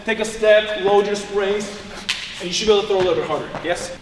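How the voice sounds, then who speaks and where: A man coaching throwing in casual talk, hyped up and swearing freely, with loud cheering bursts. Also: high-pitched, fast. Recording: echoey, distant mic, background noise.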